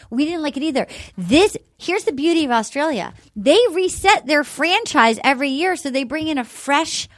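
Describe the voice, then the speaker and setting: A chatty woman host, bright in pitch and rushing through her asides. She talks in a loose, rambling way, and the sound is dry with no room echo. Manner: excitable, rambling, quick asides. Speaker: podcast host. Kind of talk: casual chat promo.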